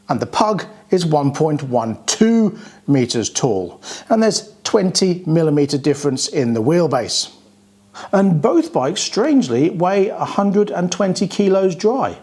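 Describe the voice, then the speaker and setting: A man's voice: fairly high pitch, a little mellow. Chatty British man reviewing scooters. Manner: chatty, plain-spoken, pointing things out. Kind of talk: casual product walkaround review.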